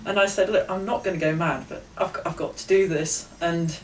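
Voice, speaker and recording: A woman's voice: fairly low pitch, steady tone, fairly quick, far from the mic, slight background noise. Chatty woman in an echoey room. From England. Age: young adult. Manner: chatty, laughs often, acts out quoted voices. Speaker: author guest. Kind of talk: casual interview storytelling.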